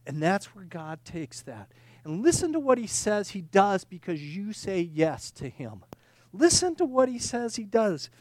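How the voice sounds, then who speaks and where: A male pastor preaching a sermon, earnest, swinging from loud emphatic lines to quiet confiding ones, often repeating words and restarting sentences. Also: high-pitched, very animated, measured pace, no echo.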